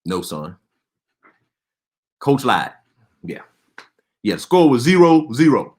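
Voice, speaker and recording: A man's voice: medium pitch, big pitch swings, takes it slowly, a little mellow. A man doing stand-up comedy, telling stories in an exasperated, punchy way with lots of repeated phrases.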